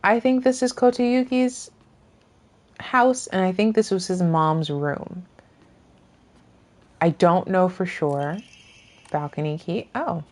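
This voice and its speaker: A woman streamer chatting casually over her gameplay, rambling and often trailing off into soft murmurs. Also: fairly low pitch, slow pace, pauses often. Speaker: gaming streamer.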